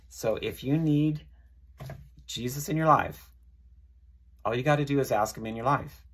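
Husky-voiced man preaching earnestly. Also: medium pitch, fairly bright tone. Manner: earnest, leads listeners in prayer, repeats phrases. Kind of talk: informal sermon.

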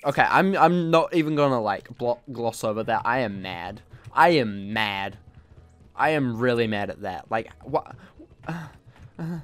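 Man, gameplay commentary, joking, self-mocking, moderate pitch, faint music underneath. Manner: jokey, self-mocking, exclaims at the game. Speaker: gaming channel host.

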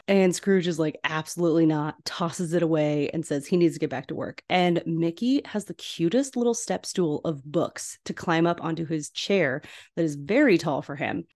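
A young adult woman hosting a podcast, chatting casually and gushing about an old animated film. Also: fairly low pitch. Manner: gushing, enthusiastic, chatty with laughs. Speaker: podcast host. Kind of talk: casual film rewatch commentary.

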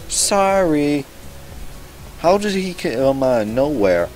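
A man's voice: on the low side, moderate pace, darkish tone, faint music behind, low-quality recording. A young man doing gameplay commentary on a visual novel, reading the text aloud with sarcastic, profane asides. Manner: sarcastic, swears a lot, reads text aloud. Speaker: let's-play gamer.

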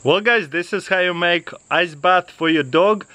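A man's voice: sits high, measured pace, no room sound, rough recording. A man vlogging outdoors with his dogs, laughing often as he coaxes and praises them. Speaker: dog owner vlogging his huskies. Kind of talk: casual outdoor vlog, talking to his dogs. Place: outdoors in a yard. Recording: loud outdoor background noise.

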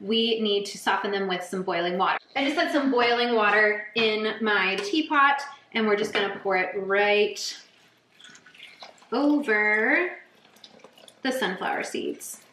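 A woman's voice: medium pitch, a little slow, bright, forceful tone, reverberant, slight background noise. A young woman hosting a casual home cooking tutorial, chatty and bubbly as she talks straight to her viewers. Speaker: cooking channel host. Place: home kitchen.

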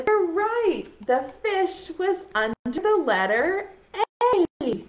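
Lively high-voiced woman teaching preschool. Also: muffled recording. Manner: playful, encouraging, sing-song. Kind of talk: virtual preschool lesson for children.

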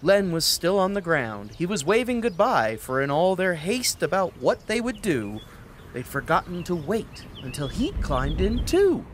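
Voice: mid-range voice, very animated, unhurried, a little hiss or hum. A reader narrating a bedtime story aloud with chatty explanatory asides. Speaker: children's book reader.

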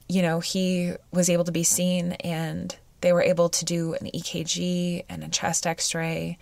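A woman hosting a personal podcast, weepy and close to tears, speaking in halting, searching phrases with frequent sighs. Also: on the low side, no room sound. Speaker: podcast host.

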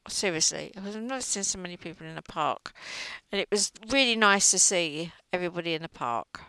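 A woman's voice: on the low side, expressive, fairly quick, sharp tone, clean tone, no room sound, rough recording. A middle-aged woman chatting and gossiping while she crochets, often trailing off mid-sentence. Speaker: crochet vlogger. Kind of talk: casual chat while crocheting.

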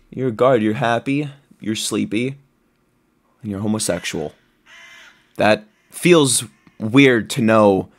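A man giving excitable, jokey commentary while playing a survival game, squealing high whenever he is delighted. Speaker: gaming video creator.

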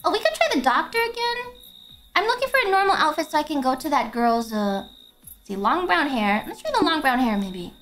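Young woman, game streamer, casual chat, excitable, swearing, stammering, very high bright voice. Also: fairly quick, faint music behind.

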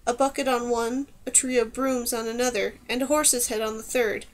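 Woman narrator, audiobook reading, fairly high voice, steady storytelling. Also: moderate pace, poor audio. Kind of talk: scripted narration.

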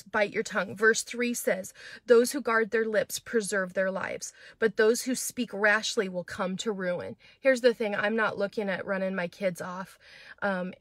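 A middle-aged woman pastor teaching through a Bible chapter in a chatty, animated way. She acts out quoted voices and talks with fillers and restarts. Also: medium pitch, no echo.

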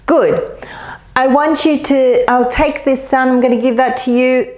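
Patient woman teaching pronunciation slowly. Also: sits high, steady tone, darkish tone. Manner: patient, encouraging, models sounds slowly. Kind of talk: slow, clear pronunciation lesson.

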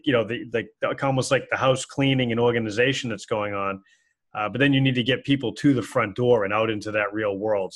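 A man's voice: mid-range voice, fairly bright tone. A man co-hosting a casual business talk show, rambling with many fillers and restarts. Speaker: podcast co-host. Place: office with a whiteboard behind.

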